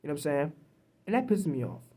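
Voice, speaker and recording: A man's voice: a little high, big pitch swings, fast, dark tone. A frustrated man delivers a sports vlog rant to his own camera. He swears heavily and stays angry and emphatic, tripping over repeated restarts whenever he gets worked up. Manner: angry, profane, emphatic ranting; repetitive restarts when heated. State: upset, frustrated. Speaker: sports commentator vlogger. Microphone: self-recorded camera.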